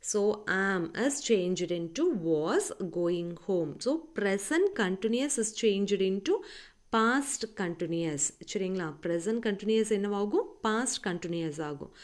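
A woman with a Tamil accent teaches English grammar to schoolchildren, switching between Tamil and English and often checking whether they understand. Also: medium pitch. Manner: mixes Tamil and English, addresses children, keeps checking "okay?". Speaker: English tutor.

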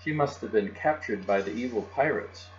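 A man reading aloud voices a brave, spunky little girl, speaking in bright, excited exclamations. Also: fairly low pitch, moderate pace, faint music behind, lightly acted. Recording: dull lo-fi with mains hum.

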